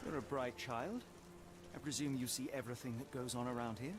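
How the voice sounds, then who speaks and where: A man voicing a sharp, curt adult detective who asks clipped, probing questions, heard as game audio. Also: mid-range voice, brisk, close to an everyday voice. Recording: game audio under background music.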